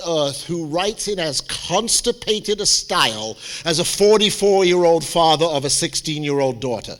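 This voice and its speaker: A man speaking as a college admissions adviser, giving a lively, theatrical presentation to students and parents. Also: on the high side, a little slow, hardly any pauses. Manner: animated, theatrical, jokey storyteller.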